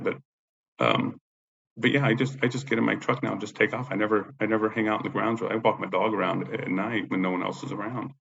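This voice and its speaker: A man's voice: on the low side, gravelly, sharp tone. A man who is a disabled veteran telling a long personal story in a rambling, profane way, often repeating himself, in a dull lo-fi recording. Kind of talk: casual spoken storytelling. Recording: dull lo-fi recording with faint background noise.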